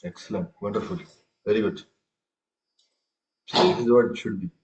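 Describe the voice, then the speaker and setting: A man's voice: fairly low pitch, fairly even intonation, moderate pace, darkish tone, rough recording. A man teaching a tabla class over a video call, correcting students and reciting rhythm syllables aloud. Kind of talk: online music lesson.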